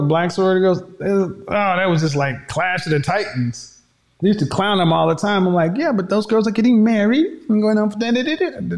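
Man, high voice, emphatic preachy commentary, repeats points. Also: a little mellow. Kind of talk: opinionated commentary monologue.

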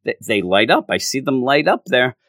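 A man giving a casual spoken comic book review, exasperated and often mocking the characters, his pitch jumping high when frustrated. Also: big pitch swings, moderate pace, fairly bright tone, no echo.

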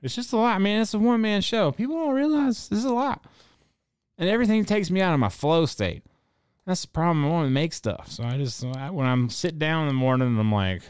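A man's voice: medium pitch, clear, resonant tone, dry recording, clean studio sound. A man hosting a podcast in casual, rambling chat, swearing often and slipping into heated rants. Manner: profane, rambling, ranting. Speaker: podcast host.

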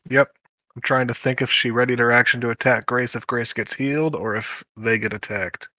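A man's voice: mid-range voice, fairly even intonation, a little fast, bright, forceful tone, dry recording. A man playing a tabletop game, checking rules and asking the game master questions. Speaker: player.

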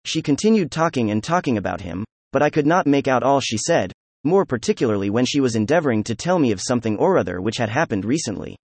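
Male audiobook narrator, medium pitch, steady even reading, dry close recording. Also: quick pace, no room sound. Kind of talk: scripted narration.

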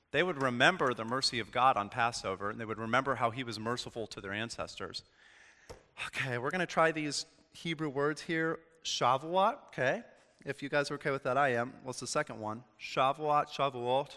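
A man giving an informal sermon to a group, casual and chatty, telling stories and acting out little exchanges. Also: mid-range voice. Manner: casual, chatty, animated storytelling. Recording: long hall reverb.

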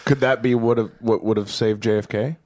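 A man's voice: lowish voice, fairly even intonation, brisk, a little mellow. A man in a casual comedy chat, blunt and joking.

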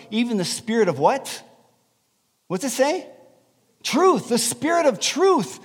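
Guy pastor preaching, kinda high voice, lively and chatty, big echoey church. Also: slightly rough. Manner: animated, conversational preaching with rhetorical questions. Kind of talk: sermon. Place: church sanctuary.

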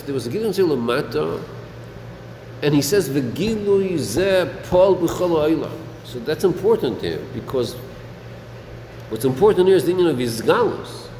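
A man with a fairly high-pitched, darkish voice teaches students in a study hall, giving a Talmudic-style lesson as a Torah teacher. He asks them questions and blends Yiddish and Hebrew terms into his talk. Echo and a faint air-conditioning hum fill the room.

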